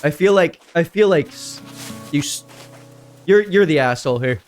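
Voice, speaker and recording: Excitable man reading stories aloud. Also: moderate pace, long pauses, soft background music. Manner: reacts loudly, jumps high in pitch. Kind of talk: casual reading and commentary while gaming.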